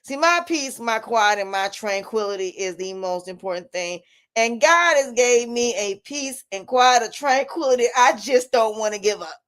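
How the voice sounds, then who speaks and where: A woman's voice: on the high side, lively intonation, moderate pace, fairly bright tone. A woman talking casually to camera as a vlogger and life coach, defiant and emphatic, repeating herself and laughing often.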